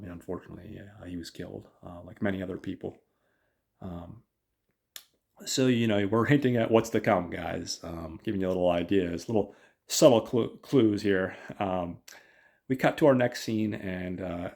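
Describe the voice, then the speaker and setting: Deep, gravelly man hesitantly recapping. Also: a little mellow. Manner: hesitant, many fillers. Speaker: podcast host. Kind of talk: casual episode recap.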